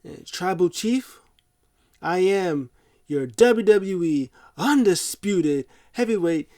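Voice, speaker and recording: A man impersonating a hulking male wrestling champion making a slow, drawn-out ring announcement. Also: sits high, lively intonation, warm tone, voice pushed up. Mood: grandiose.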